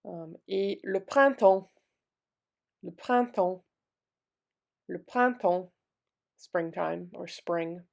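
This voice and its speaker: In this French vocabulary lesson, a young woman speaks in a rather low, gravelly voice. She repeats every word with slow patience, then supplies the English translation.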